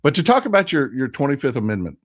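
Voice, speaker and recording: A man's voice: medium pitch, huge pitch swings, fast talker. A man hosting a casual political livestream, talking in a rambling, impassioned, folksy way. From Texas. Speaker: live stream host.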